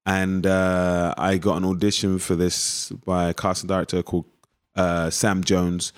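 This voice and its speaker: A man from East London with a local accent, his voice sitting low, clear and resonant, speaks a little slowly. Appearing as an actor guest in an interview, he tells stories animatedly and acts out past conversations.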